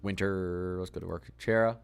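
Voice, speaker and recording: A man giving a casual livestream weather forecast, talking quickly and excitably as he chats through model maps. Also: low-pitched, creaky, clean tone.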